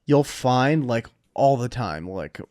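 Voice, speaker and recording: A man's voice: medium pitch, animated, slow pace, a little mellow. A man with an ordinary mid-range voice talks in a casual podcast chat. He jokes and swears freely as he makes his points. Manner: profane, joking.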